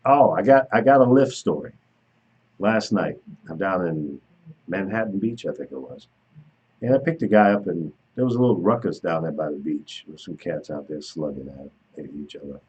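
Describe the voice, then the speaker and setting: Male host, husky voice, lively pitch, spins a casual anecdote. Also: normal speed, lo-fi sound. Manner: animated storyteller who laughs while telling. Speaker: radio show host. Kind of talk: casual chat and storytelling.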